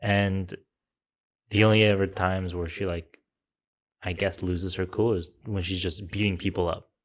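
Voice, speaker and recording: A man's voice: low voice, flat delivery, unhurried. A man co-hosting a podcast, chatting casually about a film and thinking aloud in long, restarting sentences. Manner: talks in long, restarting trains of thought. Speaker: podcast co-host. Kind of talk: casual film review chat.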